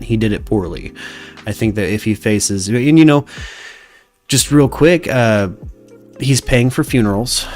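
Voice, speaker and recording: Low-voiced guy hosting a podcast, rambly and sweary, faint music behind. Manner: rambling, profane, trailing off. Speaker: podcast host. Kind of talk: casual chat reading live chat comments.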